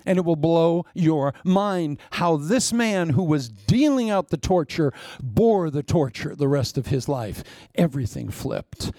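A man preaching a sermon, blunt and teasing, swinging between sudden loud bursts and hushed, near-whispered asides. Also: a little high, lively intonation, measured pace, no echo, clean studio sound. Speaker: pastor.

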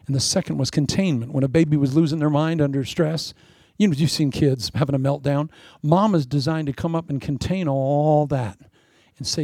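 A middle-aged man preaching a sermon in an animated, preacherly way, with playful asides and laughter. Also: on the high side, a little fast, gravelly, no room sound, studio quality. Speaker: pastor.

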